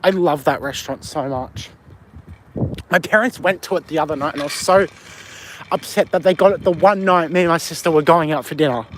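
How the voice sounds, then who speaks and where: A man's voice: fairly high pitch, a little fast. A man with an Australian accent livestreaming while walking a street at night, rambling and swearing as he answers chat. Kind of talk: casual live stream chat. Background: faint street and traffic ambience.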